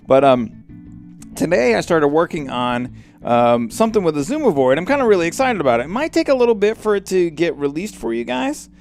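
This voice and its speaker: A man hosting a casual game commentary, chatty and excitable and quick to cry out in surprise. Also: a little high, gravelly. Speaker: let's play host.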